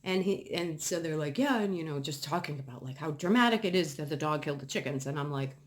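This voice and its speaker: A woman's voice: deep voice, fast talker, few pauses. A woman from New England telling a heated, profanity-laced story in a casual rant. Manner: heated, profane, emphatic ranting. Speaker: vlogger.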